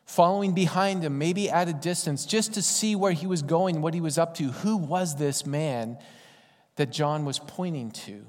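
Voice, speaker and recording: A man delivering a sermon with an easygoing, storytelling manner, chatting to the congregation rather than orating. His voice sits fairly high for a man. The sound carries a long hall reverb. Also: moderate pace. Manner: conversational, folksy storytelling. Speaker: preacher.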